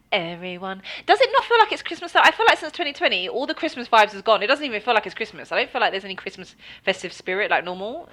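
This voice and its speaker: A woman with an English accent co-hosts a casual podcast, her voice bright and swinging widely in pitch. She laughs often and swears without apology as she chats. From England. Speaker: podcast co-host.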